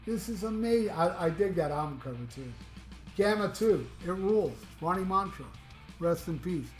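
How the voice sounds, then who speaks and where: A man's voice: sits high, expressive, moderate pace. A middle-aged man from Florida, a music vlogger chatting casually about his albums, rambling and enthusiastic, swearing freely. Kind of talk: casual chat. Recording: echoey room with music playing.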